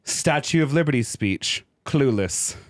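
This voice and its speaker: Male co-host, expressive and theatrical, dry studio sound. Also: medium pitch, a little slow, dry recording. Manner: animated, riffing, slips into a theatrical mystic voice. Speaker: podcast co-host. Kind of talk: casual chat.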